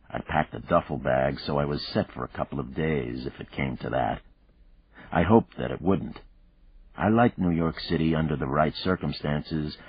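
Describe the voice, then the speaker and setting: A man reading a thriller audiobook in the first person, measured and reflective. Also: rumbling low, breathy edge, no echo. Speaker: audiobook narrator. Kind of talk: first-person scripted narration. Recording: dull lo-fi dry recording.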